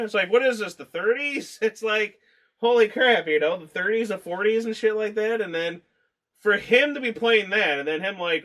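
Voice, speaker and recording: A man's voice: high-pitched, normal speed, bright, forceful tone. A man co-hosting a casual movie review chat, rambling, swearing freely and laughing as he talks.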